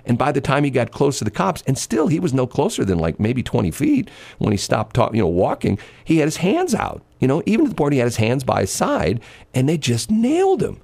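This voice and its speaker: A man's voice: medium pitch, huge pitch swings, fairly quick, gravelly, a little mellow. A man hosting a casual chat, telling a long story in a rambling way with many fillers and restarts.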